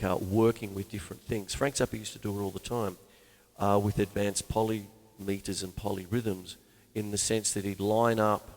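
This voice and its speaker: A man hosting a live drum lesson, talking through sticking patterns while he plays. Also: fairly low pitch. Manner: rambling, explains sticking patterns aloud. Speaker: drum teacher and show host. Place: room with a drum kit. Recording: long reverb, faint music behind.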